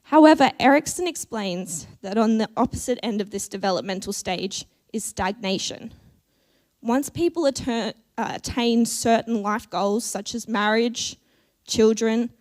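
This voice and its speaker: A woman delivers a church sermon in a measured, earnest voice. Her pitch sits a little high, and she pauses deliberately between phrases. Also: darkish tone. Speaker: preacher.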